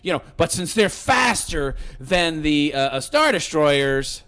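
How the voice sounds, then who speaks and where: Higher-voiced sarcastic man ranting. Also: big pitch swings, takes it slowly, a bit bright. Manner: sarcastic, rambling, many fillers and restarts. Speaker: film reviewer. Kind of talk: casual rambling movie rant.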